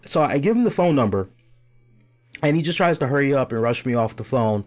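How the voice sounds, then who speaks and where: A man's voice: mid-range voice, animated, brisk, darkish tone. A man hosting a live-streamed talk show, telling an exasperated story full of quoted back-and-forth dialogue. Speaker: show host. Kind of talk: casual storytelling rant to a live stream chat.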